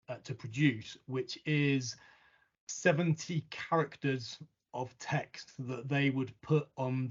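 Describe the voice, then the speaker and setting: A man's voice: medium pitch, muffled recording. A man hosting a casual podcast interview, joking and swearing informally. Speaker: podcast host.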